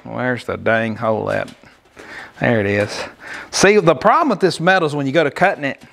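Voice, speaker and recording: A man's voice: medium pitch, moderate pace, vocal fry, fairly bright tone. A man, out of breath, chatting in a folksy, joking way as he works on a car in his garage. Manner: folksy, joking, talks while working. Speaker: DIY car builder. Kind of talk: casual workshop tutorial.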